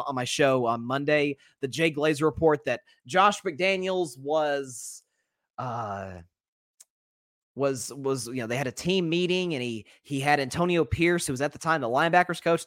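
A young man with a fairly high voice hosts a sports show in a chatty, animated way, often stopping and restarting his sentences. The sound is dry and close, with no room around it. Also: dry recording. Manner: animated, rambling, self-interrupting. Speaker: podcast host. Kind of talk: casual sports talk.

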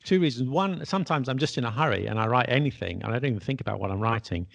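A podcast host who teaches English chats casually and laughs at his own mistakes, chatty and self-deprecating. His mid-range voice is gravelly and expressive, moving very fast, on a dry recording.

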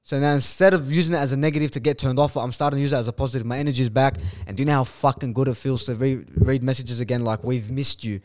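A young man, a guest influencer, chatting casually on a podcast, swearing freely and telling animated stories. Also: mid-range voice, fast talker, few pauses. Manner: heavy swearing, animated storytelling.

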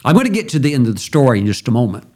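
A middle-aged man preaching from the pulpit, mid-pitched and conversational. He tells the story casually, then suddenly jumps up in pitch and volume for emphasis. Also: very animated, very fast, a little mellow. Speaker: pastor. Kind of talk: sermon.

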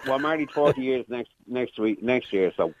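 A man's voice: medium pitch, expressive, normal speed, background noise. Man, 60s, Irish accent, caller, anecdotal storyteller, dull phone line. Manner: rambling anecdotal storyteller, acts out voices.

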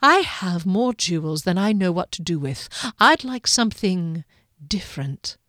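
A woman's voice: lowish voice, lively intonation, unhurried, a bit bright, no echo. Woman doing a male wizard, silky, teasing, self-assured, dry close sound.

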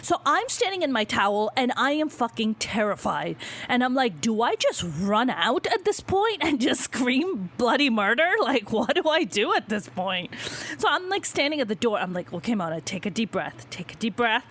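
Telling a story on her podcast, a young woman chats casually, swears a lot, and animatedly performs the voices of the characters she quotes. Her pitch is fairly high and her pace moderate.

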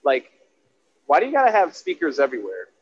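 A man's voice: a little high, huge pitch swings, fairly quick, muffled recording, a little hiss or hum. A man co-hosting a casual truck podcast, enthusiastic and easygoing, throwing in bro often. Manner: enthusiastic, says bro a lot. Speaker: podcast co-host. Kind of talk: casual chat.

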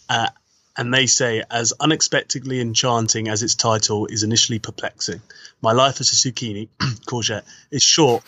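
A man's voice: mid-range voice, sharp tone, dry recording. A man co-hosting a movie podcast in casual chat, wry as he reads out reviews. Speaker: podcast co-host.

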